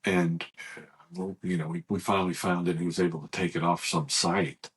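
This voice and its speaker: A man's voice: sits low, animated, brisk, gravelly, a little hiss or hum. A middle-aged man co-hosting a podcast in casual chat, often jumping in with teasing remarks and earnest warnings. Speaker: podcast co-host.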